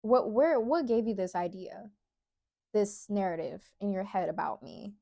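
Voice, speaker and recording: A young woman vlogging candid advice, talking straight to the viewer with slow, emphatic phrasing. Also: mid-range voice, expressive, vocal fry, mellow. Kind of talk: casual advice monologue to camera.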